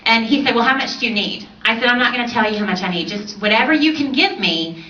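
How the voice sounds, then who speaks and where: A woman in her thirties telling her personal story to an audience on a stage, animated and often laughing. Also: a little high, fast talker. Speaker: conference speaker. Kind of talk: personal success story speech. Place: large event stage. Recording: roomy, distant, dull, slightly noisy.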